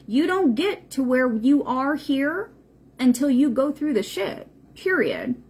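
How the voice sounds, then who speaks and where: This woman's voice is high and darkish, with big swings in pitch, and she takes her time. She's a spiritual livestream host chatting off the cuff, blunt and profane, hammering points home through repetition.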